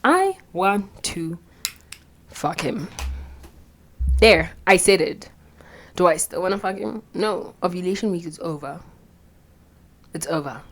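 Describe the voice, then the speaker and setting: A young woman, telling a candid personal story with plenty of swearing and quiet whispered asides. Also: on the low side, animated, slow pace, pauses often. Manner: blunt and profane, drops into whispered asides. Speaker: vlogger.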